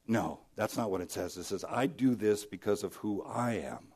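A male pastor preaching a sermon, telling stories with lively emphasis and dropping to quiet, hushed lines for key points. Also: lowish voice, moderate pace, husky. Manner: storytelling, dynamic, swings from loud emphasis to soft hushed lines.

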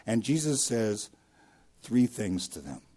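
Male pastor, sermon delivery, low mellow tone, big dynamic swings, repeats for emphasis. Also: big pitch swings, slow, breathy edge. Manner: preaching with swings from loud emphasis to hushed drops; repeats key phrases for emphasis.

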